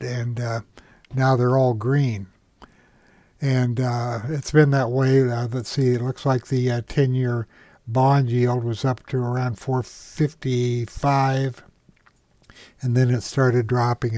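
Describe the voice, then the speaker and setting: Male instructor, mid-pitched, for a dry-miked screen tutorial; slow, halting delivery full of "uh" pauses. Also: a little mellow, no room sound. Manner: unhurried, many "uh" pauses and self-corrections. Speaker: trading software instructor. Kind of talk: screen-share software tutorial.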